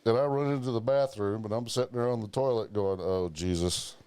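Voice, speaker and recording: Low-voiced man telling profane stories. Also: brisk, clean tone, no echo. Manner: profane, animated storyteller acting out quoted voices. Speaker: podcast host. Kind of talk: casual storytelling chat.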